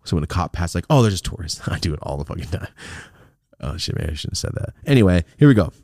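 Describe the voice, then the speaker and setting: A man's voice: sits low, sing-song, fast, creaky, dark tone, no room sound, studio quality. A man casually telling a rambling, profane road-trip story as a podcast host.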